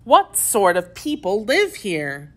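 A woman's voice: medium pitch, wildly swooping pitch, slow, full character voice. A woman reading aloud, voicing a curious, polite young girl who asks earnest questions. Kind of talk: storybook read-aloud.

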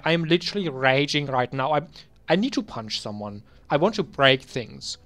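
A young man talking casually while reviewing his old game bans. He mutters asides to himself and then bursts into loud, exasperated ranting. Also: fairly high pitch, expressive, normal speed. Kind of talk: casual screen-recorded commentary.

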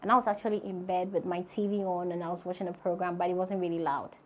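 A woman with a Ghanaian accent hosting and telling her own story in an earnest, conversational way, her voice dropping soft and low at the sad parts. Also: fairly even intonation, quick pace, a little hiss or hum. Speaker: host. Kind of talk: personal storytelling to camera.

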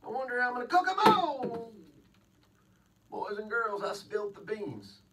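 Playful kids'-show storyteller, sing-song and bouncing in pitch, slow and deliberate, set back from the mic. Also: sing-song. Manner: playful, exclaiming, sings, addresses kids directly. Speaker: children's show host. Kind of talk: children's storytelling with songs. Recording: distant mic with clear music.

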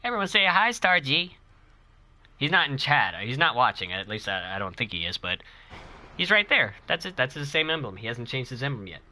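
Man, gaming streamer, casual chatter, excitable, bright voice, lively pitch. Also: a little fast. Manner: excitable, chatty, talks to his chat and cheers himself on. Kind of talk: casual live-stream commentary.

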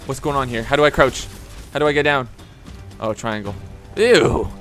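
A young man giving excitable, profane commentary as he plays a video game, often laughing. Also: mid-range voice, a little fast, faint music behind. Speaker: let's play gamer. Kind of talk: casual gameplay commentary.

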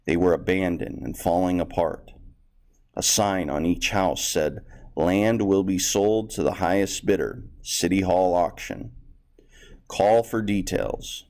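A man's voice: low-pitched, darkish tone. A male teacher reading a textbook story aloud to students and explaining vocabulary in a plain, explanatory way.

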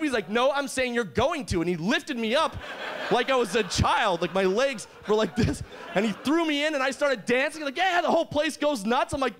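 A young man doing a stand-up set on a comedy club stage, from Calgary, talking in an animated way and breaking into loud shouts for the characters he quotes. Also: extremely high pitch, a little fast, a little hiss or hum. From Calgary, Canada.

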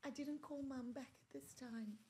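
A woman's voice: high voice, normal speed, darkish tone, slight background noise. An Australian woman, a podcast guest, telling a painful personal story and often sinking to a near whisper at the hardest moments.

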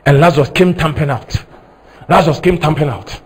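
A man with a husky voice preaching a sermon, dramatic, moving from slow, soft teaching to high, shouted emphasis. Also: low-quality recording. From Ghana. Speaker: prophet preaching.

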